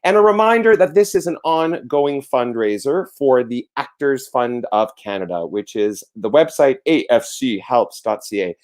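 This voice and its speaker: A man's voice: medium pitch, lively intonation, moderate pace, hardly any pauses, darkish tone. A man hosting a casual livestream from home, effusive and theatrical, talking into a webcam mic. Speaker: livestream host.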